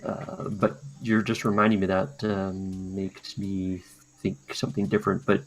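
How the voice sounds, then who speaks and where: Male player, hesitant, thinking aloud, fairly low voice. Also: level tone, unhurried. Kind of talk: casual online game chat.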